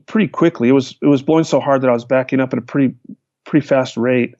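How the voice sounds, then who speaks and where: A man, a hang glider pilot, recounting his flights in a lively storytelling manner. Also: medium pitch, fast talker, dry recording. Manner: animated, vivid retelling with restarts. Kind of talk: storytelling in a conversation. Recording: dull, lo-fi, dry sound.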